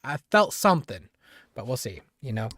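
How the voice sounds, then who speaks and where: A live streamer in casual chat with viewers, excitable, laughing often and teasing the chat. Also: mid-range voice, normal speed, no echo.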